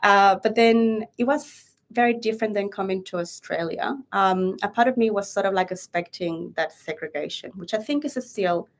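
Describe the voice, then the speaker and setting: A woman's voice: mid-range voice, normal speed, few pauses. A young woman from Chile with a Chilean Spanish accent, chatting casually as an interview guest, laughing often and using many fillers.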